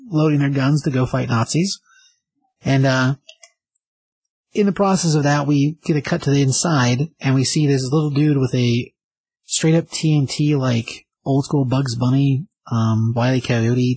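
Casual comic reviewer, man, husky, rambling, dry room. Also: medium pitch, darkish tone, no echo, poor audio. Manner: rambling, enthusiastic summary with fillers.

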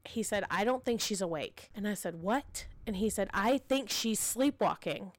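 A woman's voice: medium pitch, normal speed, no room sound. A woman in her thirties co-hosting a podcast, telling a story and acting out the lines she quotes. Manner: animated, acts out quotes. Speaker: podcast co-host, mother. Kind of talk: casual storytelling chat.

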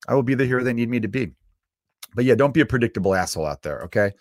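A man's voice: mid-range voice, animated, racing, no echo, studio quality. A man hosting a solo podcast, ranting in a loose, profane, exasperated way with lots of fillers. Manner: loose, rambling with many fillers. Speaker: podcast host.

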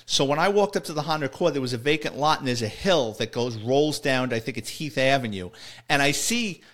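Rambling New ex-cop storyteller. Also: male voice, mid-range voice, fairly quick, a bit bright. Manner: rambling, restarts sentences, chuckles while telling. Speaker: retired police officer. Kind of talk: casual storytelling.

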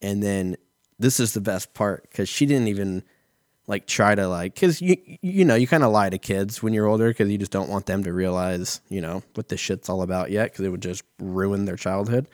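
Low-voiced man rambling, swearing freely. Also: moderate pace, no room sound, clean studio sound. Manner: rambling, heavy swearing, lots of fillers. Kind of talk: casual solo storytelling.

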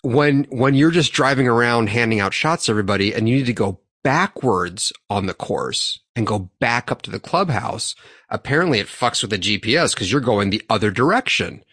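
A man co-hosting a podcast, swearing freely as he tells a lively story to his friends. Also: medium pitch, normal speed, no room sound, clean studio sound. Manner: profane, animated storytelling. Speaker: podcast co-host. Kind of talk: casual storytelling among friends.

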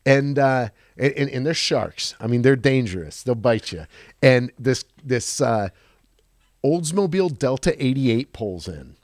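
Recorded in a clean studio with no echo, a car dealership guest in his forties speaks a little slowly as he tells podcast stories about his car sales career. He's an animated storyteller who keeps restarting and voices quotes in a higher register.

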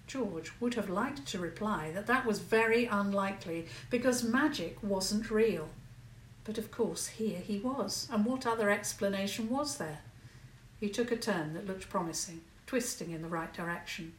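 A woman narrating a children's story in a calm, measured way. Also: medium pitch, echoey room, far from the mic, slight background noise, poor audio.

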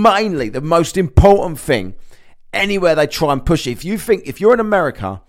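A man's voice: fairly high pitch, very animated, brisk. A man delivering a sarcastic, sweary ranting monologue as a vlogger.

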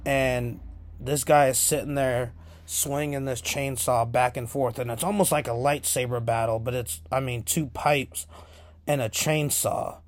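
A man's voice: medium pitch, no echo. Rambling casual podcast guy. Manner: rambling, lots of filler ums. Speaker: podcast host.

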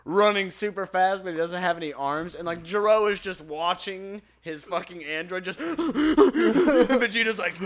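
A young man chats casually and retells scenes, often laughing and dropping into quick impressions. His voice sits a little high. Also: fairly bright tone. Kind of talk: casual chat.

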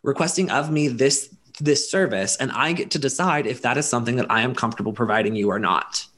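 A man from rural Alabama with a faint Southern accent, chatting casually as a podcast co-host, emphatic and quick to laugh. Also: medium pitch. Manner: animated, laughs often, emphatic. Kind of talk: casual chat.

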